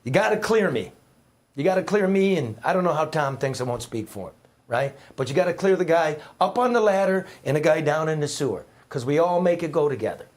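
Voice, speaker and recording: A middle-aged man who once worked as a newspaper reporter appears as a guest, telling heartfelt stories in a rambling, emphatic, conversational way. His voice is fairly high and expressive, with a darkish tone, and he talks fairly quickly.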